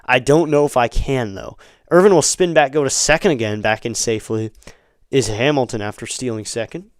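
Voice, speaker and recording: A man calls a baseball game live in a clean, smooth voice, recorded dry and close with no room sound. He chats easily between pitches and lifts his energy when the action picks up. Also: fairly quick, dry recording. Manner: conversational, rising to excited calls on big plays. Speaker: fan play-by-play streamer. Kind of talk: live play-by-play commentary.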